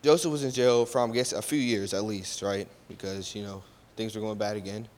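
A man's voice: on the low side, steady tone, brisk, a little mellow. A man casually retelling a Bible story, often checking in with his listeners and correcting his own slips. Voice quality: loose and conversational, often checks with "right?" and corrects himself. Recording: long hall reverb.

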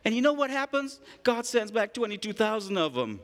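A male preacher giving an animated sermon, calling on the congregation to respond and acting out stories. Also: sits high, brisk. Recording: long hall reverb.

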